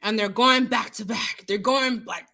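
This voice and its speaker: A young adult woman hosting a casual livestream, chatting and answering viewers with emphatic, animated remarks. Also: a little high, unhurried, creaky. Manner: chatty, emphatic, laughs often. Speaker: livestream host.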